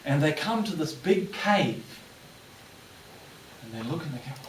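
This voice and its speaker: New zealand guy telling jokes in a lecture, animated, echoey hall, mic far away. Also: fairly high pitch, unhurried, long pauses. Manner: animated, acting out the characters' lines. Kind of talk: storytelling in a lecture. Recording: echoey room, distant mic, faint hiss.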